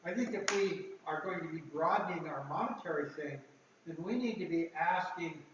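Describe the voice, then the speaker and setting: A man speaking through a mask at a meeting, halting and repeating himself as he makes his point. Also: a little high, background noise. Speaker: board member. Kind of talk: meeting discussion. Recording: echoey, distant, dull room mic.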